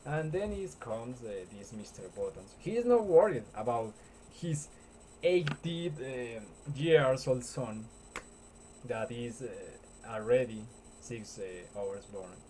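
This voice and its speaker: Guy retelling a movie, lots of uh and um, dark mellow voice, faint hiss. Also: medium pitch, animated, rough recording. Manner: halting, full of fillers and restarts. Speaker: storyteller.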